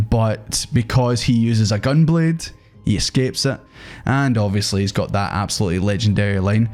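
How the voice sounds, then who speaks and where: A man's voice: fairly low pitch, a little mellow. A young man chatting casually and animatedly as he ranks game characters, swearing now and then. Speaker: gaming video host. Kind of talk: casual tier-list commentary.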